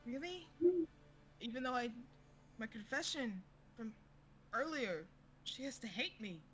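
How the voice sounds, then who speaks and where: Lady doing a scared little kid, shaky and pleading, kinda high, music going. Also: animated, unhurried, a bit bright. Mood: anxious. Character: frightened injured young boy, tearful and grateful.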